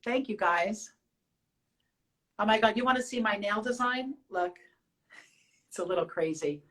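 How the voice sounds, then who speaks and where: A woman's voice: medium pitch, sharp tone, low-quality recording. A woman in her forties, hosting a casual live question-and-answer with fans, telling personal stories in a chatty way with many restarts. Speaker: show host.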